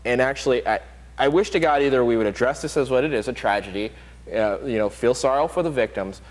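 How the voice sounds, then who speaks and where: A man holds forth on a casual opinion show, talking fast and pressing each point hard. His voice sits in a middle register, and the room adds a lingering reverb. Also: mid-range voice. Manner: emphatic, rapid, argumentative. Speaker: show host.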